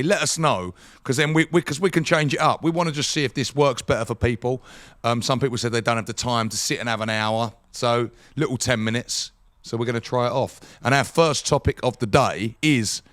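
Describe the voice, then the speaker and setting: A man's voice: medium pitch, brisk, a bit bright, no echo, studio quality. A man co-hosting a football podcast in casual, eager chat. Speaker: podcast co-host.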